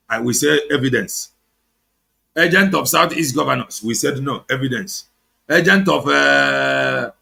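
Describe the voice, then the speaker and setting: Fired-up Nigerian man, gravelly and bright. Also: mid-range voice. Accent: Nigerian, Igbo-speaking. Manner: heated, sarcastic, mixes English with Igbo. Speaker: online show host. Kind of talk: impassioned political commentary.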